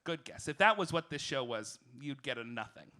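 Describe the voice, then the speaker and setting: A man's voice: medium pitch, lively intonation, a little fast, bright, forceful tone. A man hosting a stand-up comedy monologue in a cabaret club, campy and theatrical, breaking into shrieks. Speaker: comedy host. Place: small cabaret club with live audience.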